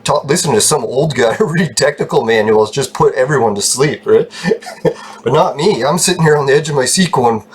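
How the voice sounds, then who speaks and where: A man telling a long rambling story in a casual vlog, swearing freely, getting excited and laughing often. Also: mid-range voice, normal speed, slight background noise. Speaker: channel host telling a story.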